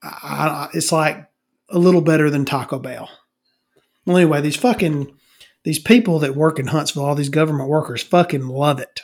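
A man's voice: fairly high pitch, steady tone, moderate pace, gravelly, breathy edge. A middle-aged man on a comedy podcast, ranting and rambling with constant swearing and many restarts.

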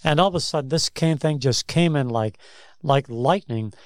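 A man's voice: fairly high pitch, normal speed, dry recording, studio quality. A man co-hosting a Christian talk show, telling stories in a rambling way that restarts and repeats words. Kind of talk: casual faith discussion, storytelling.

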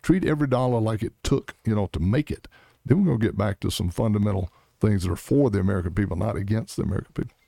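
Gravelly, blunt-talking middle-aged man. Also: on the low side, expressive, fast, warm tone, no echo, studio quality. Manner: blunt, emphatic, punchy short commands. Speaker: Senate candidate guest. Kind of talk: political interview.

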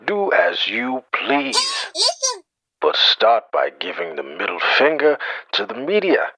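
A man putting on the voice of a menacing masked supervillain, with a deep gravelly rasp and a grandiose, theatrical manner. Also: huge pitch swings, takes it slowly, sharp tone, lo-fi sound, exaggerated voice. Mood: rousing.

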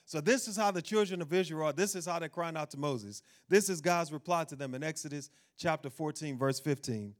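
A man's voice: fairly high pitch, fast talker, few pauses. A man preaching a sermon as pastor, speaking animatedly to his congregation and the people watching online. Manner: loud, emphatic reading of scripture verses.

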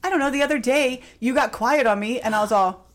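A woman's voice: high voice, fast talker. A young woman co-hosting a casual chat, rambling and anxious in her storytelling, laughing often. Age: young adult. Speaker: podcast co-host.

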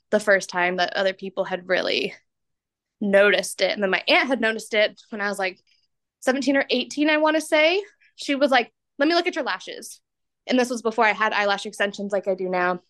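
A woman's voice: medium pitch, a bit bright. A woman in her twenties, a podcast guest telling personal stories in a chatty, self-mocking way and laughing often. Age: 20s. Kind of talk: candid personal storytelling.

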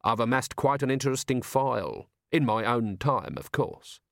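Young assassin, overly courteous and eerily calm, voiced by a male narrator; dry close mic. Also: mid-range voice, normal speed, vocal fry, no room sound. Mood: polite. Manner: soft-spoken, overly courteous, keeps saying sir.

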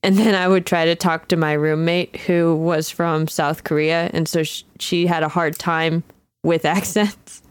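A woman's voice: low-pitched, flat delivery, clean tone, no echo. A young woman co-hosting a podcast, chatting casually in a playful, joking way. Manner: chatty, playful, quick to joke. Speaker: podcast co-host and player. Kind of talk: casual chat.

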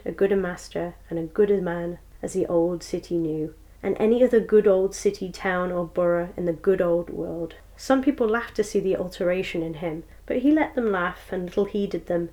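A woman narrating a classic story aloud, with expressive, dramatic reading. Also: on the low side.

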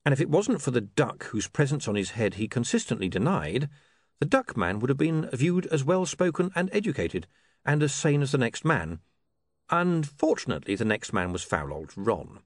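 A man narrating an audiobook in a wry, lively storytelling manner. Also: medium pitch, normal speed, no echo, clean studio sound.

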